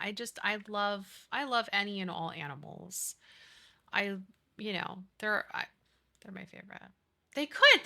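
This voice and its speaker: A woman streamer chatting casually while she plays, gushing and excitable, with gasps and baby talk. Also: mid-range voice. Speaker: game streamer. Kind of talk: casual live-stream chat while playing.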